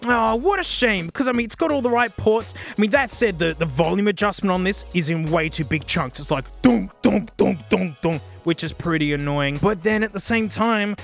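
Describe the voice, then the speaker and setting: A man's voice: high-pitched, fairly quick, hardly any pauses, soft background music. Chatty Australian man reviewing headphones. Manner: chatty, slangy, excitable. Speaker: tech reviewer.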